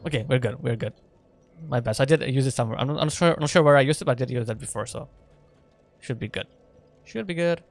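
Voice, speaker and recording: A man's voice: medium pitch, quick pace, faint music behind. A man streaming a video game in casual chat, playful and laughing often as he talks with his viewers. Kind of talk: casual live gameplay chat.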